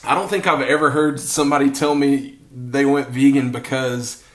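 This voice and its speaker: A man hosting a podcast, chatting in a relaxed, casual way with frequent fillers. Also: mid-range voice, moderate pace. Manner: relaxed, friendly filler words like "dude" and "you know". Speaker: podcast host. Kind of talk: casual conversation.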